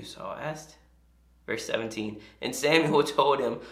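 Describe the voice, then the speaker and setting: Animated, lively preacher in an echoey room. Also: mid-range voice, moderate pace, gravelly. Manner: conversational, animated storytelling with asides. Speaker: pastor. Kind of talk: sermon.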